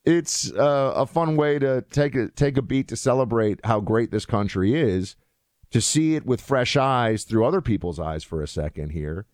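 A man's voice: mid-range voice, lively intonation, normal speed, a little mellow, no echo, studio quality. A man hosting a show, chatting in casual commentary with lots of fillers and restarts. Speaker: show host.

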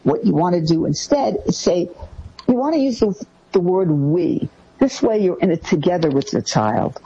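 A woman talks through parenting advice in a casual co-host manner. Her voice is husky and her pitch swings widely. The recording sounds dull and lo-fi. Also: moderate pace. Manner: lively, acts out quoted parent lines in a higher voice.

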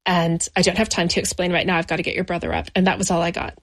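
A middle-aged woman as an interview guest, recounting her childhood in a reflective, measured way with slow pauses. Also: on the low side, flat delivery. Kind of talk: personal memoir interview.

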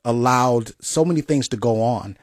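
A man's voice: medium pitch, moderate pace, no echo, studio quality. A man in casual political chat, speaking in an indignant, emphatic way.

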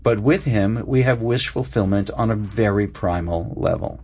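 A man's voice: on the low side, moderate pace, vocal fry, darkish tone, a little hiss or hum. An older man, a writer guest, telling stories expansively in an interview and laughing at himself. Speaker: screenwriter guest. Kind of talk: animated interview storytelling. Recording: muffled broadcast audio.

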